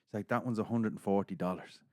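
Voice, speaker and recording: A middle-aged Irish man with a lowish voice spins a story in casual podcast chat, swearing and acting out the quotes. The sound is dry and close, with no room echo. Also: steady tone, quick pace. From Ireland. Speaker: podcast host.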